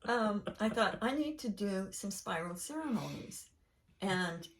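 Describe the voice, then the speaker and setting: An older woman hosting a casual chat, telling a rambling, animated story with laughing asides. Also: medium pitch, measured pace. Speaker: podcast host. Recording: voice a bit far from mic.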